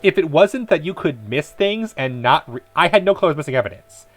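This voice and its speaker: A man's voice: a little high, lively intonation, a little fast, dry recording, faint music behind. A man hosting a let's play, rambling in casual gameplay commentary and cutting himself off mid-thought. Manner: rambling, self-interrupting.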